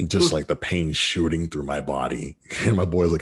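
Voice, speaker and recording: A man's voice: a bass voice, moderate pace, hardly any pauses, breathy edge. A man co-hosting a podcast, telling a story in a laid-back, slangy, profane way. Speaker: podcast co-host. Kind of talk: casual storytelling chat.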